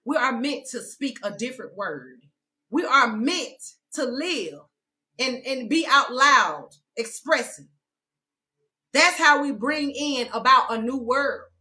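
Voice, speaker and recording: A woman's voice: high-pitched, expressive, takes it slowly, sharp tone, poor audio. A woman giving a preachy spiritual vlog monologue as a self-described spiritual teacher, sassy and confrontational, repeating lines for emphasis. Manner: sassy, confrontational, slangy and direct.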